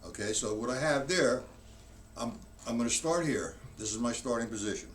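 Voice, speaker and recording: A man with a lowish voice talks fairly quickly as he teaches drums over a live stream, laying out each step simply and often restarting what he's saying. Captured by a far-off mic in a room with a drum kit, the audio is very noisy with loud drumming.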